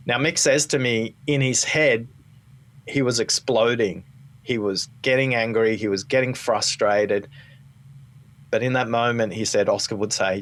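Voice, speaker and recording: A man speaking as a guest on a podcast, calling in remotely and telling stories with lively acted-out dialogue. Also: medium pitch, unhurried. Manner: animated storyteller who acts out quoted dialogue. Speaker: podcast guest, listening expert. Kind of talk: conversational storytelling interview. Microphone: remote call-in.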